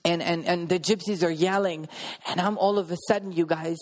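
A man's voice: sits high, steady tone, brisk, long reverb tail. A man preaching a sermon, earnestly telling a personal story in vivid present tense. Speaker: preacher sharing a testimony.

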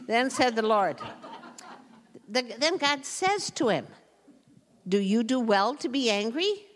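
A woman's voice: a little high, animated, takes it slowly, a little hiss or hum. A woman giving an informal, chatty Bible teaching, reading scripture aloud and laughing often as she comments. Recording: long hall reverb.

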